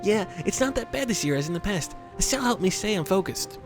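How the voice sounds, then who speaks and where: Man putting on a bouncy high teen girl, visual novel heroine, music behind. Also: lively intonation, fairly quick. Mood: relieved. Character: perky teenage girl, a runner.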